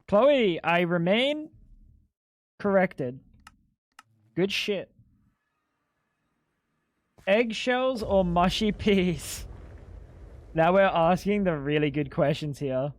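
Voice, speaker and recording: A young adult man streams a game live, joking around and chatting playfully with his viewers. His voice sits high, and he speaks slowly with long pauses.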